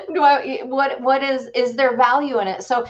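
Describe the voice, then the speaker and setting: A woman's voice: high-pitched, a little slow, highs cut off. A woman hosting a casual livestream chat, upbeat and chatty, thinking aloud with fillers. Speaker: host.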